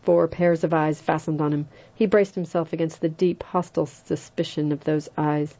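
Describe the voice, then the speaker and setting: A woman narrating an audiobook in a steady, even way. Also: deep voice, normal speed, highs cut off. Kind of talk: audiobook reading.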